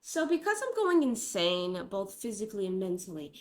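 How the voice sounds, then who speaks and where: A woman's voice: medium pitch, sing-song, normal speed, darkish tone. A young woman talking casually in a rambling, dramatic, self-mocking vlog. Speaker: vlogger.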